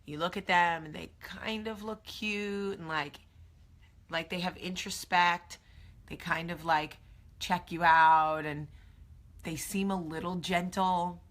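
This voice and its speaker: A woman's voice: lowish voice, fairly bright tone. A woman in her thirties hosting a casual morning chat to camera, chatty and emphatic with many fillers and asides. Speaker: host.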